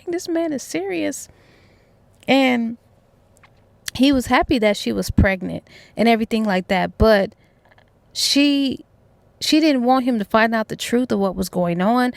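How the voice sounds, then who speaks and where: With no echo on the recording, a young adult woman with an expressive, highish voice talks at normal speed. She's a book reviewer casually recapping a novel's plot in chatty, colloquial style, performing the characters' dialogue.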